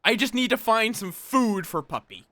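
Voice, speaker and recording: High, lively-voiced tired male streamer. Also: normal speed, dry recording. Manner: muttering to himself, thinking aloud. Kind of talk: casual gameplay commentary.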